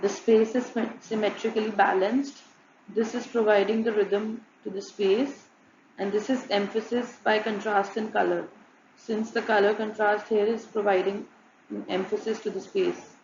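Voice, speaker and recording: A woman narrating a student design presentation, listing examples in a flat, repetitive way. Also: mid-range voice, normal speed, noisy background. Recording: muffled, echoey room with faint ambience.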